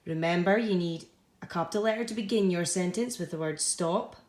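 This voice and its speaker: A young woman teacher with a Scottish accent, giving a recorded home-learning lesson to young pupils in a bright, encouraging way. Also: on the low side, brisk. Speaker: primary school teacher.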